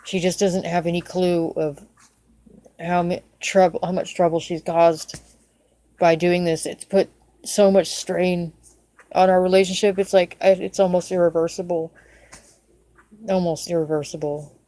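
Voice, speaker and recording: A middle-aged woman with a lowish voice rants into the camera, swearing and circling back to the same complaints. The sound is dry and close, with no room around her. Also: darkish tone, no echo. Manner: swearing, venting, repeats herself. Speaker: vlogger. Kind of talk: angry personal rant to camera.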